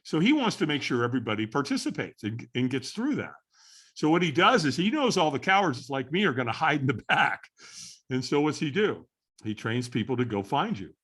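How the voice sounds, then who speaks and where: A middle-aged man, a podcast guest, tells a story with animated repetition. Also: mid-range voice, brisk, breathy edge. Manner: animated storyteller who repeats phrases for effect. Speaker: podcast guest, firewalking instructor.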